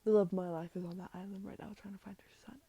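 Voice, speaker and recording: A woman voicing a stern male pirate captain in a hushed whispered role-play. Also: mid-range voice, little pitch movement, rapid-fire, breathy edge, no room sound.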